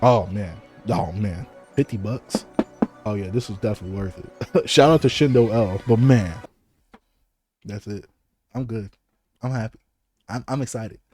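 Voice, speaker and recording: A young man unboxing manga in an excited, playful casual vlog, exclaiming and joking. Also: lowish voice. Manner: hyped, playful, exclamatory with laughs.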